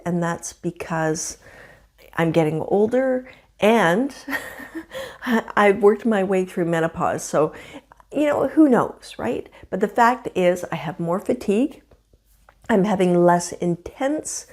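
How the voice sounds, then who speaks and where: A woman in her fifties talking candidly to camera at home in a casual vlog, with a slightly rough morning voice and frequent laughs. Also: lowish voice, a little mellow. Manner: chatty and candid, laughs often. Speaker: vlogger. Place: home, indoors.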